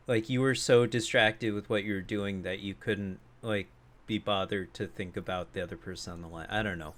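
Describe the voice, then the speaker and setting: A man's voice: fairly low pitch, steady tone, fairly quick, fairly bright tone. A man co-hosting a podcast, telling a profane, laughing story about a rude customer in casual chat. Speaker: podcast co-host.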